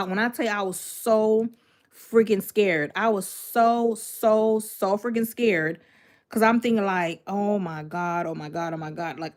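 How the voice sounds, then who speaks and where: Speaking at a medium pitch, a woman tells her vlog viewers a personal story in a casual way. Her delivery is animated and emphatic, with repeated phrases and sudden asides.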